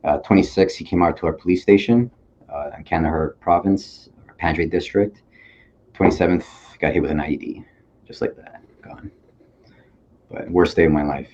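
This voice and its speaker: Guest spot: man from Toronto with a very low voice, earnest and halting, dull lo-fi audio with faint hiss. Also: a little mellow. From Toronto, Canada. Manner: earnest, reflective, halting with fillers. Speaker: podcast guest, police officer and army veteran. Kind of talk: candid conversational interview.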